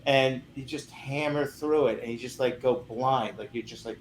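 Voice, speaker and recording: A comedian telling lively, self-mocking stories in a casual chat. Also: male voice, mid-range voice, moderate pace. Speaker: comedian guest. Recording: echoey room, faint noise.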